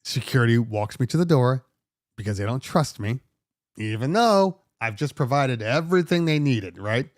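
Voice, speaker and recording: A middle-aged man hosting a DJ podcast, telling a story in a casual, animated and exasperated way and swearing freely. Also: mid-range voice, normal speed, no room sound, clean studio sound. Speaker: DJ podcast host.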